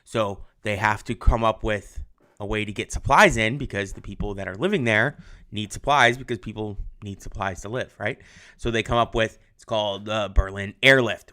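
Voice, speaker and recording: A man's voice: fairly low pitch, bright, forceful tone, clean tone. A young adult male history teacher giving a casual livestreamed lesson, chatty with lots of ums, answering viewer comments. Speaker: high school history teacher.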